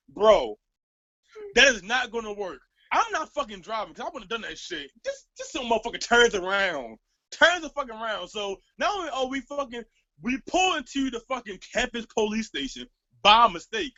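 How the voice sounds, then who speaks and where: A man's voice: very high voice, very animated, a little fast, bright, forceful tone, no room sound, lo-fi sound. A man telling a rambling, profane story in casual chat, laughing as he goes.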